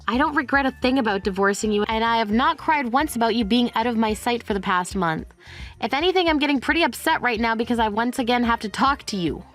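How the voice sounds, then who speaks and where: A fed-up young divorcee, read by a synthetic woman's voice, cold and blunt. The voice is high, and faint music runs beneath it. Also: fairly bright tone. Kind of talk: text-to-speech text story.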